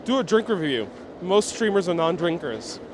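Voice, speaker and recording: Out on city streets, a New York City man leads a live walking tour, chatting easily with viewers and reading their comments aloud to answer them. His voice is a bit high for a man, sing-song and moderately paced, with faint traffic humming behind him.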